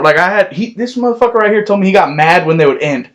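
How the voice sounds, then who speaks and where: A man's voice: fairly high pitch, fast. A young man co-hosting a podcast in casual chat, rambling with lots of "like". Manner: relaxed, rambling, fillers like "like". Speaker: podcast co-host.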